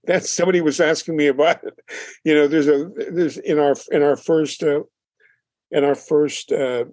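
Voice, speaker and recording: Animated storytelling man, slightly high voice. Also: normal speed, no room sound. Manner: animated storyteller, acts out quotes, laughs often. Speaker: band leader and drummer. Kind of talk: casual interview chat.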